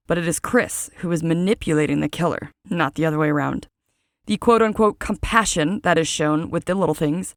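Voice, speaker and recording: A woman's voice: lowish voice, dry recording, studio quality. A woman hosting a true crime podcast, reading a script and adding casual personal asides.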